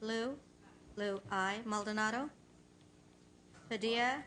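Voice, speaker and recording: A woman clerk calling the roll at a committee hearing, brisk and clipped. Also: fairly high pitch, fairly bright tone, a little hiss or hum. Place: legislative committee hearing room.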